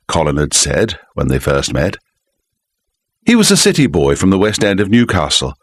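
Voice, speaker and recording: A man reading a mystery audiobook, telling the story in a measured, expressive manner into a close microphone. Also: low-pitched, no echo. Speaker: audiobook narrator. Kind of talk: scripted narration.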